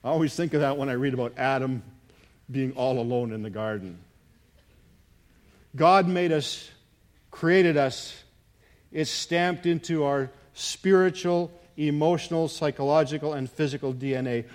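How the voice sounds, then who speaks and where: A middle-aged man preaching a sermon, earnest, moving between hushed and emphatic delivery. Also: medium pitch, unhurried. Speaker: pastor.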